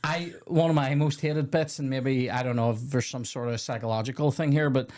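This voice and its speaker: A man in his young adult years talks through a film on a casual podcast. He rambles, swears freely and keeps breaking off mid-sentence to start again, at an ordinary middle pitch. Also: steady tone, fairly quick, a little mellow, slight background noise. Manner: rambling, swearing, self-interrupting. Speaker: podcast host. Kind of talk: casual film review chat.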